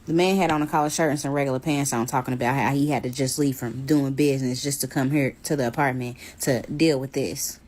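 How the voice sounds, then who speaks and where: A woman's voice: very deep voice, fast, hardly any pauses. A woman telling a personal story on her vlog in a casual, blunt way, swearing now and then. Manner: blunt, animated retelling with swearing. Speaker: storyteller vlogger.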